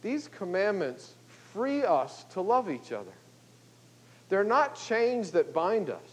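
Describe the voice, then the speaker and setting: A man's voice: high voice, sing-song, slow pace, breathy edge, poor audio. An older man, a pastor, preaching a sermon in a conversational, folksy way, often checking in with "okay?" and "you know".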